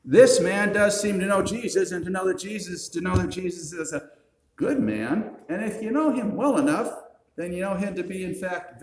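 A man's voice: sits high, slight background noise. Man preaching with wry reasoning. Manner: reasoning, wry, rhetorical questions. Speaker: pastor. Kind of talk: sermon. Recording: roomy echo.

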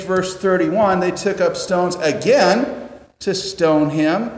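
A man preaching a sermon conversationally, dropping low and quiet to stress a point. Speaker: pastor. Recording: echoey hall with long reverb.

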